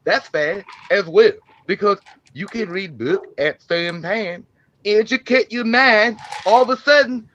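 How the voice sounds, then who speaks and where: A man putting on a Slender Man character voice for a get-well message, speaking in broken grammar with a drawn-out, amused delivery. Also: sits high, fairly bright tone, dull audio, slight background noise. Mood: mock-soothing. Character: Slender Man character, an adult man with a loose, mock-wise manner.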